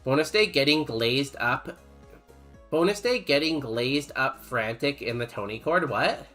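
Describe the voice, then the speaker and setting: A man's voice: mid-range voice, animated, measured pace, sharp tone, faint music behind. A young man streaming a game, chatting casually and rambling as he reads chat aloud in a laid-back way.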